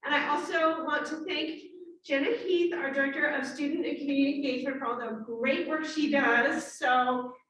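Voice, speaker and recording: High-voiced woman giving welcome remarks. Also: fairly even intonation, normal speed, a bit bright, a little hiss or hum. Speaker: college administrator opening the event. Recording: very echoey hall from far off.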